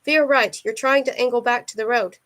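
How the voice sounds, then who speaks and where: A woman's voice: fairly high pitch, fairly even intonation, fairly quick, fairly bright tone, natural voice. A woman reading aloud, voicing a cold, menacing tall man who speaks bluntly and curses often.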